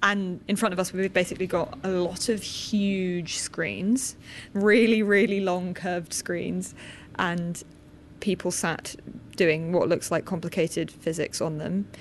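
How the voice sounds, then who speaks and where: A woman's voice: lowish voice, fairly even intonation, slow. A woman reports from on location, curious and lightly amused, describing the scene as she walks through it. A faint hum of background noise sits behind her voice.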